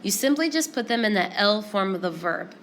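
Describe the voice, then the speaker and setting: A woman teaching a Spanish grammar lesson, explaining each step in a clear, steady way. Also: medium pitch, fairly quick, a little hiss or hum.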